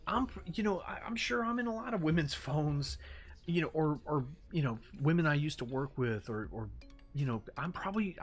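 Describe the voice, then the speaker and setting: A man hosting a casual commentary video, ranting in an animated, exasperated way with frequent profanity and mocking asides. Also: fairly high pitch. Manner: animated, swings into mocking impressions and sarcastic read-outs. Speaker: commentary host.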